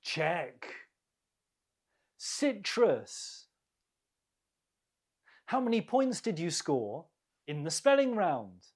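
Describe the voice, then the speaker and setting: Running a vocabulary quiz for English learners, this teacher goes word by word, repeating each one and explaining its stress. The pace is very slow and deliberate, the voice husky with animated pitch movement.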